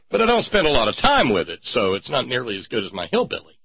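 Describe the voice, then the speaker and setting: A man's voice: mid-range voice, wildly swooping pitch, fast talker, gravelly, husky, dry recording. A man hosting a talk show, giving casual, wry and digressive commentary with a sarcastic edge. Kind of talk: casual radio-style commentary. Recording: dull lo-fi recording.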